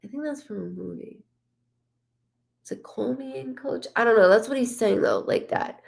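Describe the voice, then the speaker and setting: Woman medium on a live stream, gravelly edge, halting and gentle, passes on messages in first person. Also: medium pitch, animated. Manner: relays a spirit's words in first person; soft, halting, full of restarts. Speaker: psychic medium.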